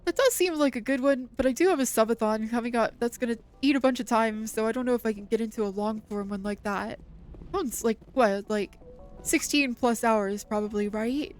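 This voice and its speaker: A woman's voice: on the high side, normal speed, soft background music. A woman streaming a game, recapping the story in casual chat with loose swearing and quoted bits of dialogue. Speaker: VTuber streamer. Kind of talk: casual gameplay commentary.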